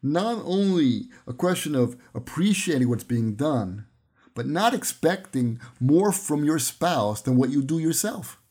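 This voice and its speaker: A man with a husky, somewhat breathy voice that sits a little high for a man. He teaches a Torah lesson on his podcast in a storytelling way, stepping briefly into the voices of the people he quotes. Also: lively intonation, unhurried, a little mellow. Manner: retells stories, briefly acting out the people he quotes.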